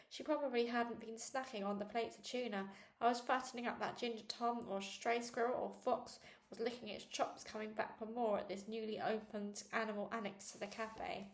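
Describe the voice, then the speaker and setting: A woman reading a children's book aloud in the earnest first-person voice of a young girl. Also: a little high. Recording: echoey room.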